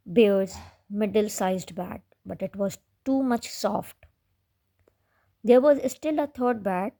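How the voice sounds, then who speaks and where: A woman reads a children's fairy tale aloud at an unhurried, deliberate pace. Her voice is mellow and soft, with a gentle storybook lilt. She sits at a middle pitch for a woman. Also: vocal fry.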